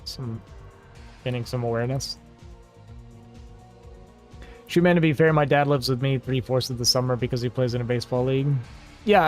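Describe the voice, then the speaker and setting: A man hosting a livestream, talking casually and at length to his viewers and reading out their comments. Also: medium pitch. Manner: rambling and talkative, reading chat aloud. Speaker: livestream host. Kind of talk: casual chat to a stream audience.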